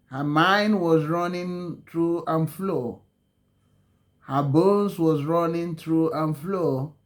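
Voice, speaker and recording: A man telling a dramatic story slowly, pausing often with ums and correcting himself mid-sentence. His voice sits a little higher than most men's. Each phrase is stretched out for effect. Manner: halting, many ums and self-corrections, slow dramatic phrasing. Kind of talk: spoken storytelling.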